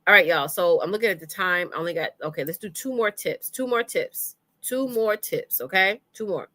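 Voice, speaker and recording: A woman coaches her live-stream audience on email marketing in a chatty, familiar way. Her voice sits a little low yet sounds bright and forceful. The sound is dry and close, with no room around it. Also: fairly quick, dry recording. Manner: chatty, greets viewers by name, says y'all and sis. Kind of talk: casual live-stream teaching.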